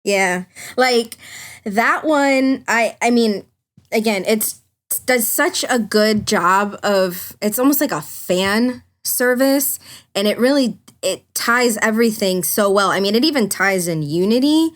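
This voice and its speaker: A woman's voice: mid-range voice, animated, measured pace. A woman on a gaming podcast panel who talks with enthusiasm and often restarts with "I mean". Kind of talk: casual gaming podcast chat.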